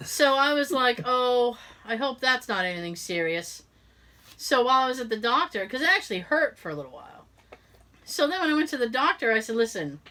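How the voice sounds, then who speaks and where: Middle-aged woman, podcast co-host, casual chat, animated storyteller, acts out the people she quotes, swooping intonation, bright ringing tone. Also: on the high side, brisk. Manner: animated, acts out quoted voices, laughs often.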